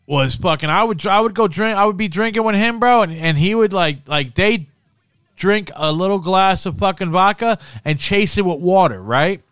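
A man's voice: high voice, animated, normal speed, a bit bright, clear, resonant tone, no echo, studio quality. A man co-hosting a podcast in casual, profane chat, saying bro a lot. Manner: swears constantly, says bro a lot. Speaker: podcast co-host.

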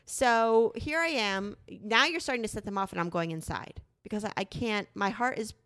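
Animated woman telling a story. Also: mid-range voice, normal speed. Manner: animated storytelling, frequent swearing. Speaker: podcast co-host. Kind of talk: casual chat.

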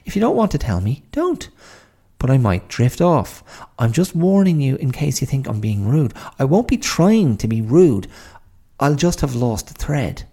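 Male reader voicing an insistent young girl, pitched well up, lively, a bit husky. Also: moderate pace. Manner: polite but insistent. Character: young girl, earnest, bright, stubborn.

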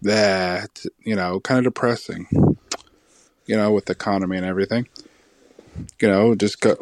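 A man's voice: fairly low pitch, steady tone, moderate pace, dry recording. A man with an Indian accent calling in to a podcast, rambling hesitantly. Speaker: caller.

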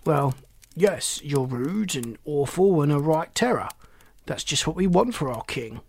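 A man voicing a rude, pompous male frog alien in a storybook reading, slow and sneering. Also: on the high side, expressive, creaky, husky, full character voice. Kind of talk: storybook character voice.

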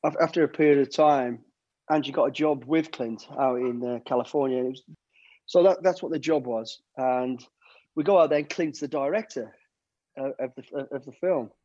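A middle-aged man from the United Kingdom, once a soldier and bodyguard, speaks at a moderate pace in a medium-pitched, darkish voice. In a dull, dry recording, he tells rambling stories in casual chat, restarting often and acting out quotes.

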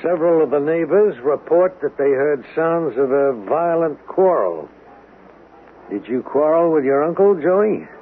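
A pressing, probing police lieutenant in a 1970s radio play, with a lively voice. The recording is a thin, narrow old broadcast with a faint hiss. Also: male voice, fairly high pitch, a little slow. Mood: stern. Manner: pressing, interrogating. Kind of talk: 1970s radio drama acting.

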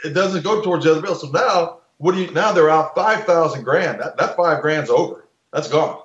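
A man's voice: fairly high pitch, brisk, a bit bright, reverberant, lo-fi sound. A man in casual podcast talk, blunt and opinionated, swearing freely and restarting his sentences.

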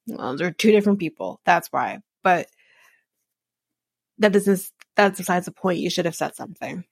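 A woman's voice: fairly low pitch, expressive, moderate pace, creaky, breathy edge, dry recording, studio quality. A woman hosting a podcast, recapping a reality show in blunt, sarcastic, profane casual chat. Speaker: podcast host.

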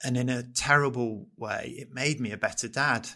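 A middle-aged man co-hosting a podcast, talking in an earnest, halting way and often restarting his sentences as he reflects. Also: mid-range voice, creaky, bright, forceful tone. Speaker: podcast co-host.

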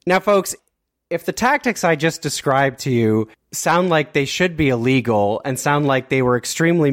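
Wry, animated male podcast storyteller. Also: a little high. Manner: wry, animated storyteller who slips into mock voices. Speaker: podcast host. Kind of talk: casual storytelling.

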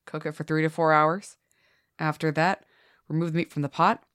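A sick podcast host with a sore throat speaks in a low voice, close to a dry mic. She keeps things playful and jokey despite feeling rough. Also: level tone, normal speed, fairly bright tone, no echo. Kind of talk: casual podcast chat.

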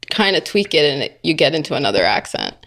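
A woman's voice: low voice, very animated, fast talker, a bit bright. A woman co-hosting a podcast, talking casually in a blunt, provocative and teasing way. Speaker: podcast co-host. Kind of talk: casual chat.

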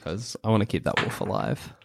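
A man playing a tabletop game, excitable and jokey, who often repeats himself. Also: lowish voice, fairly quick, creaky, dry recording, studio quality. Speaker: player. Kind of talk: casual tabletop play.

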